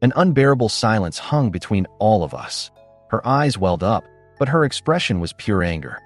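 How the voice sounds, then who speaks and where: Low-voiced man narrating a family drama story. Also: sing-song, normal speed, faint music behind. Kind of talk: scripted narration.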